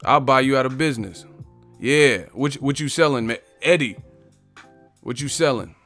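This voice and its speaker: Brash, mocking livestream host. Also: male voice, mid-range voice, normal speed, fairly bright tone, faint music behind. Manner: confrontational, profane, mocking. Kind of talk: live-stream chat, roasting commenters.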